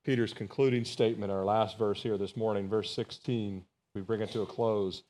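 In a lowish, darkish voice with fairly even intonation, a pastor delivers a Bible study sermon at a moderate pace. He's earnest and emphatic, lifting key phrases, calling out "Amen?" to the congregation, and often repeating words or starting phrases over.

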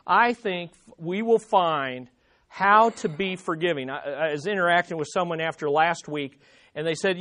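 Animated high-voiced male preacher. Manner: animated, rising to emphatic quotes. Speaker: pastor. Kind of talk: sermon with scripture reading.

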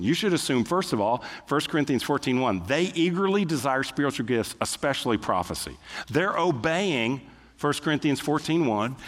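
A man's voice: medium pitch, fairly bright tone. A middle-aged male pastor preaching a sermon in a church, in a conversational way, acting out little quotes as he goes. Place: church sanctuary. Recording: long hall reverb.

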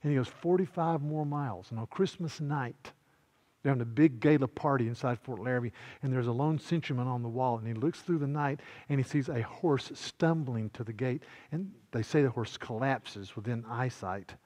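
A man's voice: mid-range voice, moderate pace. Male preacher, sermon storytelling and prayer, fervent build-ups. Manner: impassioned, rising to loud peaks, with repeated words.

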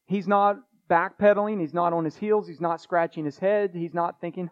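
A man's voice: sits high, fairly even intonation, moderate pace, few pauses, muffled recording. A man pastor preaching a sermon in an earnest way, repeating phrases and restarting himself as he presses his points.

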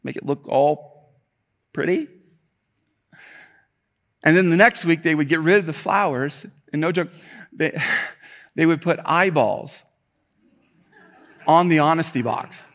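Pastor guy preaching, kinda high voice, gets loud and punchy then goes chatty and jokey. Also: takes it slowly, pauses often. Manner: animated preaching with emphatic repetition and rising intensity; conversational asides and self-deprecating humor. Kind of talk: sermon.

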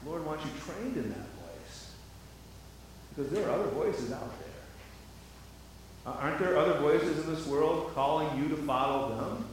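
Echoey pastor preaching from afar. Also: male voice, fairly high pitch, lively intonation, moderate pace, pauses often, a little hiss or hum. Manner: repeats words, asks rhetorical questions. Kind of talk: sermon. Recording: very echoey hall, mic at a distance.

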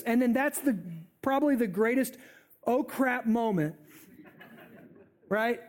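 A man preaching a sermon in an animated, conversational way. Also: extremely high pitch, slow pace, pauses often.

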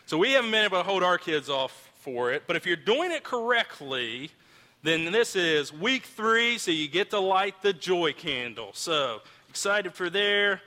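Bright-voiced casual male pastor. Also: sits high, big pitch swings, a little slow, big-room sound. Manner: casual, storytelling, frequent restarts. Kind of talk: sermon.

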